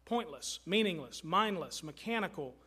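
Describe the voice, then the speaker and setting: A man's voice: high-pitched, animated, normal speed, bright, forceful tone, breathy edge. A middle-aged man from Kentucky preaching a sermon as pastor, earnest and emphatic, often repeating his phrases for weight. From Kentucky, USA.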